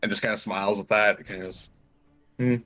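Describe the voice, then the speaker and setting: Low-voiced man narrating his character. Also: steady tone, a little fast, sharp tone, faint music behind. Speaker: player. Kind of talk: describing his character's actions.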